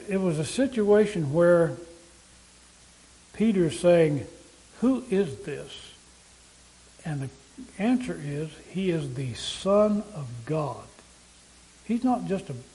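High-voiced man preaching a sermon. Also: warm tone, rough recording. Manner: casts listeners as characters and addresses them directly; asks many rhetorical questions.

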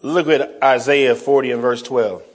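A man preaching a sermon, folksy, calling the congregation y'all, swinging from soft asides to shouted emphasis. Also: medium pitch, fairly even intonation, measured pace. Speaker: pastor.

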